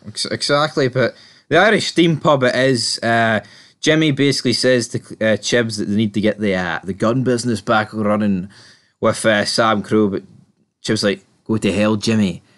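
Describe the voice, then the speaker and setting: A man's voice: fairly low pitch, moderate pace, fairly bright tone. A man co-hosting a TV review in casual chat, animatedly recapping scenes and swearing freely. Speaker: podcast co-host reviewing a TV episode.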